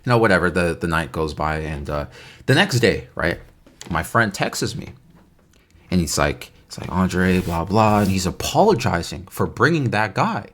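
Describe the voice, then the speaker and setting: A young man telling a casual story time vlog, animated and incredulous as he reenacts the night. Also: low voice, normal speed.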